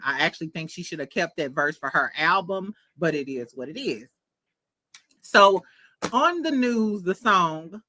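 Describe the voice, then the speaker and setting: A woman's voice: on the low side, pushed and bright, no echo. A woman hosting a casual gossip show, chatty and sassy, laughing often. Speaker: podcast host.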